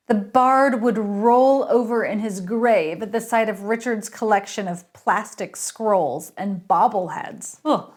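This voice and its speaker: A woman, an author, reading her novel aloud in an expressive, lively way. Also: mid-range voice.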